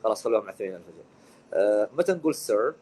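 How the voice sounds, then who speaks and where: A man's voice: lowish voice, sing-song, rapid-fire, warm tone, a little hiss or hum, poor audio. A man, an Arabic speaker, hosting a live-streamed English lesson and mixing Arabic with English in an upbeat way. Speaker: English teacher and stream host.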